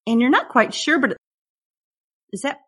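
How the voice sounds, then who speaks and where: A woman narrating as game master of a tabletop horror game, in slow, measured speech. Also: sits high, animated, fairly bright tone, slightly rough.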